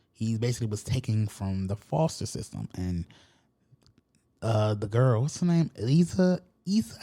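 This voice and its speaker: Rambling slangy man with a mellow voice. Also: fairly low pitch. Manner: rambling, loose slangy storytelling with animated quoted voices. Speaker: podcast host. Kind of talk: casual podcast chat, retelling a movie plot.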